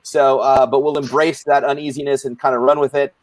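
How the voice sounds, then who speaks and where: A man's voice: medium pitch, level tone, a little fast, no room sound. A man hosting and moderating a live support group panel in a playful, rambling, jokey way.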